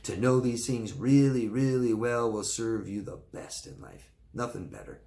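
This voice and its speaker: A life coach with a medium-pitched, dark-toned voice speaks at a measured pace during a live question-and-answer talk. He gives advice earnestly and informally, often checking in with "right?" and restarting what he's saying.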